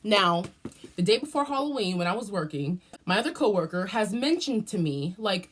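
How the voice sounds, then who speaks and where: A woman vlogger telling a story in a casual, profane and dramatic way, jumping up and down in pitch. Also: moderate pace, breathy edge. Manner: animated, profane and dramatic, with big jumps in pitch.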